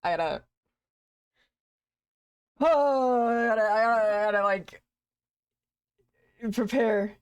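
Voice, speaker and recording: A woman's voice: a little high, animated, slow, pauses often, clean tone. A woman streamer chatting while playing a game, rambling and stammering in a self-mocking way. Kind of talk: let's-play commentary.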